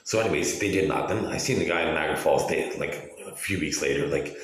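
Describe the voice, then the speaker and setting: A man's voice: extremely low pitch, fast talker. A man in his forties giving an agitated, profane, rambling monologue, full of restarts. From Canada. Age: 40s. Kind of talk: ranting video monologue. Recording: very echoey room.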